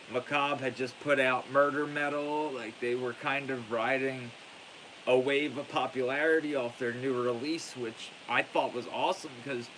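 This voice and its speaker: A man's voice: medium pitch, bright, forceful tone, a little hiss or hum, low-quality recording. A man hosting a vlog in casual chat, rambling and loose with lots of filler words. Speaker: vlog host.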